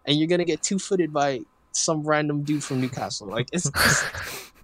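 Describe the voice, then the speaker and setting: A young man in casual soccer chat with friends, animated and rising in pitch when excited. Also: normal speed, a little hiss or hum.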